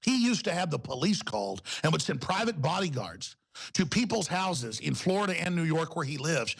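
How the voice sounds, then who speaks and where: A male talk show host in an angry, profane on-air rant, shouting insults at his targets. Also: sits high, gravelly, husky.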